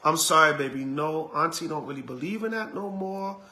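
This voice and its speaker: A man voicing a gentle aunt who softly coaxes her small niece. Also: a little high, expressive, fairly quick, voice pushed down. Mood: coaxing. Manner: soft, coaxing.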